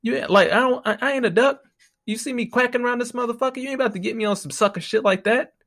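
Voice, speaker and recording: A man's voice: extremely high pitch, quick pace, creaky, a bit bright. A man ranting casually as a podcast host, profane and exasperated, talking close to the microphone and mocking the people he quotes. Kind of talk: casual solo rant.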